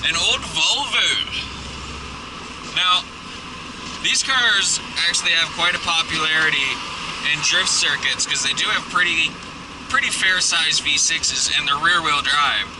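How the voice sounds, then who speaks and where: A man's voice: fairly high pitch, unhurried. A young man casually vlogging while driving, rambling and swearing with a self-mocking edge. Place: inside a moving car. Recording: far from the mic, clear road noise. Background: engine and traffic noise.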